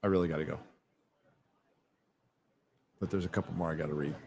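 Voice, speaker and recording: A man with a low-sitting, darkish voice talks a little fast and fairly evenly, with slight background noise. He's hosting a casual stream from a fandom bar, profanely chatting, laughing often, and reading donations and chat out loud.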